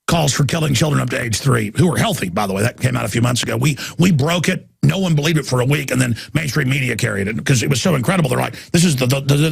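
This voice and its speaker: Male talk host, heated political monologue, gravelly voice, stumbles and repeats in a rush. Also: on the high side. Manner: rapid, emphatic, repeats and restarts words.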